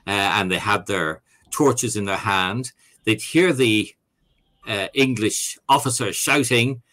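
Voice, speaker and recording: Male guest, lowish bright voice, halting answers full of fillers, video call. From Ireland. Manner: hesitant, many fillers and restarts. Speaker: author and academic guest. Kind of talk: conversational Q&A answers.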